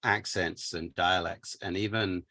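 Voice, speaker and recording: An English man, an author guest, explaining things slowly and thoughtfully in casual chat. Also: low-pitched, fairly even intonation, bright, forceful tone, dry recording. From England.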